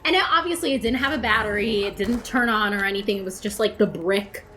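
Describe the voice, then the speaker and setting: A woman's voice: mid-range voice, fast talker, fairly bright tone, a little hiss or hum. A young woman co-hosting a casual chat, telling stories in a rambling, giggly way with lots of fillers. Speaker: host's girlfriend, co-host.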